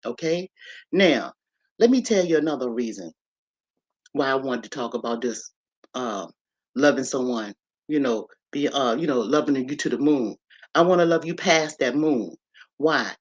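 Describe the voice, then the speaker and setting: A livestream host talking casually to viewers, greeting them as they join, often tagging sentences with "okay?" and "right?", and slowly spelling out words letter by letter. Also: medium pitch, expressive, highs cut off. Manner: checks in with frequent "okay?" and "right?" tags. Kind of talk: casual live-stream talk on a faith-tinged topic.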